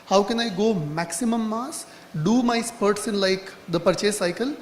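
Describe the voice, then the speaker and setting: A man who speaks as a brand marketer on a conference panel, explaining quickly and slipping in Hindi phrases. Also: high-pitched. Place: conference hall. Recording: echoey hall with faint noise.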